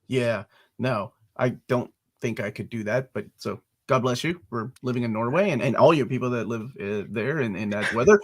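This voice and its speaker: A man's voice: medium pitch, normal speed. A man hosting an interview, chatty and joking. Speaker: host. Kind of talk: casual interview chat.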